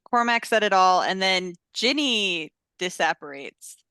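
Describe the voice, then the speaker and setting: A woman's voice: medium pitch, animated, bright, forceful tone, clear, resonant tone, no room sound. Giggly woman co-host, dry sound. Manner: quick agreeing interjections and giggles. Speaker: podcast co-host. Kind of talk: casual chat.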